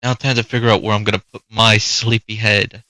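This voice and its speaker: Bright-voiced chatty gamer guy. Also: lowish voice, level tone, brisk, dry recording. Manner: chatty, talks to the game's animals. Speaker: gaming youtuber. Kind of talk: casual gameplay commentary.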